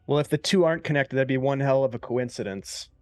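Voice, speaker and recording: Man, tabletop player, mid-pitched, wry, questioning, dry sound. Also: quick pace, no echo. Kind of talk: casual tabletop play, partly in character.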